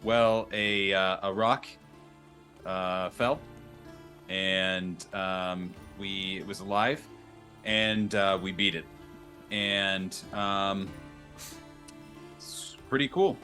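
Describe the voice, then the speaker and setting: A low, slow voice: a man doing a plain-spoken bard who halts and hems through every sentence. Faint music plays quietly behind him. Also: fairly even intonation, exaggerated voice. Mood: bashful. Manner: halting, full of ums and uhs. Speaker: player.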